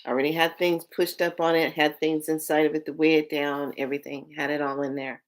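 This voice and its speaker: Low-voiced woman telling a personal story. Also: level tone, brisk. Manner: candid, emotional, swears freely. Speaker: vlogger.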